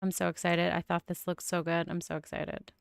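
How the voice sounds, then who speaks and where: Young adult woman streamer, low gravelly voice, mild lisp, chatty and thinking aloud. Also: completely flat delivery, a little fast, dry recording. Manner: chatty, musing aloud with frequent oohs. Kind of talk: casual game-building commentary.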